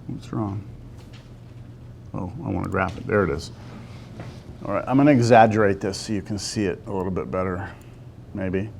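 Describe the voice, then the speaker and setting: A man teaching a calculus lesson to a class. He talks through a graph step by step and keeps pausing to ask the students whether they see it. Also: sits low, vocal fry, a little mellow, a little hiss or hum. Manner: talks to the class, asks lots of check-in questions. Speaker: math teacher.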